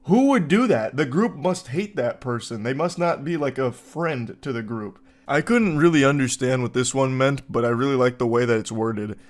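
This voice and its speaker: A man's voice: mid-range voice, moderate pace, hardly any pauses. Incredulous man riffing sarcastically. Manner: incredulous, sarcastic, rambling with filler words. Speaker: commentary video host. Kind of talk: comedic commentary reading forum posts aloud.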